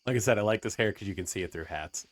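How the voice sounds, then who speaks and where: A man casually commenting as he streams a farming game, chatty with lots of fillers, often dropping into soft baby talk to his dog. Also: on the low side, rapid-fire, slight background noise.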